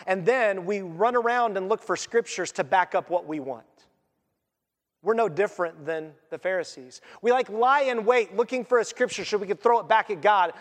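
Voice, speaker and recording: A man with a fairly high voice preaches a sermon, talking to the congregation in a casual, animated way. His voice carries with a long reverb from a large church hall. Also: moderate pace. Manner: conversational, animated, laughs at his own points. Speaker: pastor.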